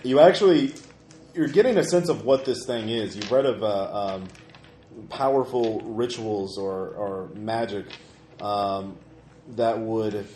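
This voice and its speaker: Brief: game master, hesitant, filler-heavy narration; echoey room, light noise. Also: male voice, on the low side, takes it slowly, warm tone.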